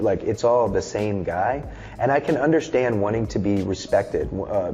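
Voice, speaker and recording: A man's voice: fairly low pitch, warm tone, lo-fi sound. A man in his thirties talking in a casual interview, loose, candid and often swearing. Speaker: musician and film director, guest.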